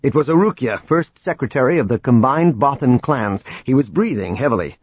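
A man narrating an audiobook in a dramatic, expressive reading. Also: mid-range voice, a little fast, slightly rough, no echo. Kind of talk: scripted narration. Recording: dull lo-fi recording with music.

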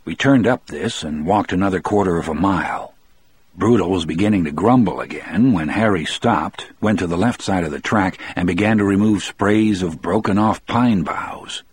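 A man reading a first-person story aloud in a measured, steady storytelling manner. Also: low voice, slightly rough, no echo. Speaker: narrator.

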